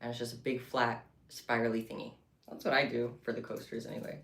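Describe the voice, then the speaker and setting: A woman chatting casually and excitably to her viewers while livestreaming her craft work. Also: rumbling low, quick pace, creaky, reverberant. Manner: chatty and excitable, talking to chat. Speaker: livestreamer making bead bracelets.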